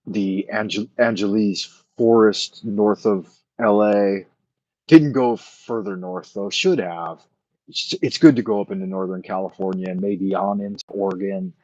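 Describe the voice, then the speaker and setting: A man's voice: lowish voice, steady tone, unhurried, darkish tone, dry recording, muffled recording. A man hosting a casual late-night chat, rambling and thinking aloud with many fillers as he answers his viewers. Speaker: livestream host answering chat.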